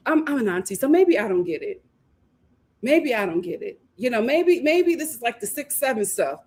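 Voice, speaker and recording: A high-pitched woman in her thirties, from Philadelphia, chats through a reality-show recap. She is animated and quick to laugh, and she speaks directly to her viewers as if they were friends. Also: slightly rough.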